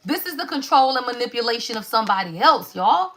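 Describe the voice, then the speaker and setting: A woman's voice: sits high, lively intonation, fairly quick, few pauses, sharp tone. A woman giving a live tarot reading in an emphatic, preachy call-and-response manner, swearing freely. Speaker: tarot reader.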